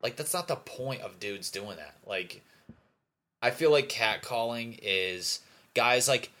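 A man's voice: medium pitch, animated, takes it slowly, bright, forceful tone. A young man talking alone in a casual, rambling monologue, swearing a lot and restarting his sentences often. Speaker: podcaster.

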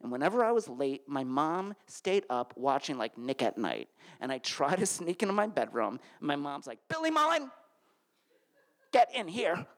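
Speaking at normal speed with few pauses, a man from Connecticut performs a funny personal anecdote live onstage. His voice swoops and climbs broadly in an animated delivery, spiking high when he recalls getting flustered.

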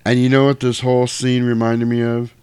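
A man's voice: medium pitch, level tone, a little mellow, smooth, dry recording. A man casually recapping a movie scene by scene on a podcast, profane and joking. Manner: profane, joking, quick to do voices.

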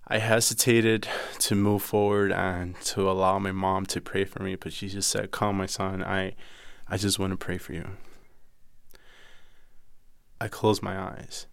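A young man from the Dominican Republic slowly recounting a painful personal story in an interview, with halting pauses. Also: fairly low pitch, vocal fry, smooth, dry recording, studio quality. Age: young adult. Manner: slow, halting, emotional retelling.

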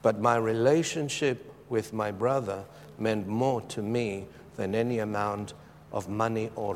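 A man's voice: fairly low pitch, slight background noise. Impassioned man preaching in a big hall. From Zimbabwe. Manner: impassioned, swinging from loud emphatic lines to hushed, soft ones. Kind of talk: sermon.

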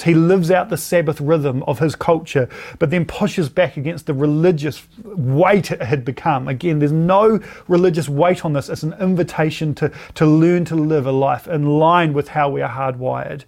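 A man's voice: on the high side, moderate pace, creaky, a little mellow. A man giving an earnest, reflective teaching sermon as a pastor.

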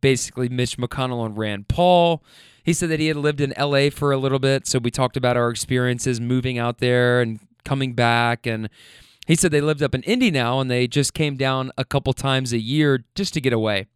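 A man from Louisville with no regional accent, telling a story in an animated, profane, self-mocking way, trailing into fillers. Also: mid-range voice, brisk, clean tone, no echo, studio quality. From Louisville, Kentucky. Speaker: storyteller host. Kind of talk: casual comedic storytelling.

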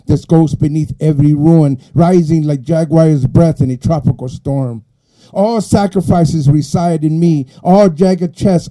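A middle-aged poet with an East Los Angeles Chicano accent, giving a live reading. His voice sits a little high for a man yet sounds very dark and mellow. He swings from quiet, halting asides to forceful, rhythmic declaiming. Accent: East Los Angeles Chicano English. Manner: soft and halting when chatting, rising to forceful rhythmic declaiming in the poem.

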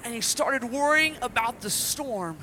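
A man preaching at a children's service, telling the story dramatically and shouting out acted quotes. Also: very high-pitched, expressive, measured pace, noisy background. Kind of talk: interactive children's sermon.

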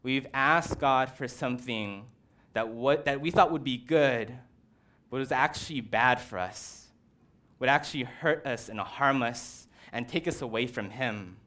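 A man preaching a conversational sermon in a casual, animated way, with personal stories. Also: medium pitch, measured pace. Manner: casual, animated, uses "like" and "right".

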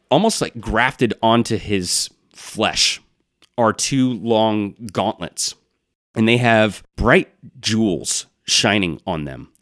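A man running a tabletop role-playing game, narrating scenes in a measured, descriptive way. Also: lowish voice, a bit bright, no room sound, studio quality. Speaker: game master.

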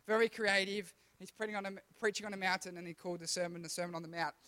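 A man's voice: sits high, little pitch movement, quick pace, sharp tone. A young man giving a casual, chatty sermon to children, often asking the room questions and laughing at his own slips. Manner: chatty, self-deprecating, stumbles and restarts, asks the room questions. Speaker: youth pastor.

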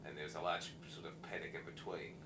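A man in casual chat, telling stories with a dry, deadpan manner. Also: rumbling low, quick pace, creaky. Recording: noisy background.

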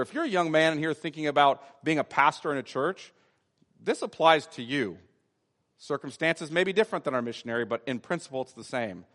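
A male pastor preaching an expository sermon, stressing key phrases by repeating them and slowing down on important words. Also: on the high side, fairly bright tone, long reverb tail. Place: church sanctuary.

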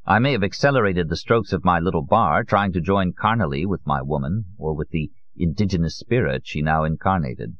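A man narrating a novel as an audiobook in an expressive, literary reading style. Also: deep voice, fairly quick, hardly any pauses, dry recording, dull audio.

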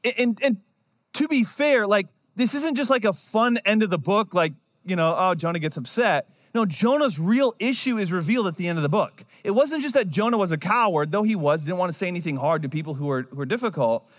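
Man, pastor, sermon, storytelling, conversational, slightly high voice. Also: animated, fairly quick. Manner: conversational, storytelling with acted-out quotes.

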